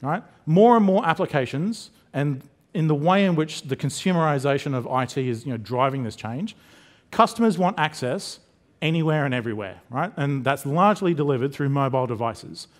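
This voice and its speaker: A man's voice: a little high, animated. A man from Queensland with an Australian accent, giving a conference talk and joking with the audience as he explains. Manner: jokey, addresses the audience with quick questions. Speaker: conference speaker. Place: conference hall.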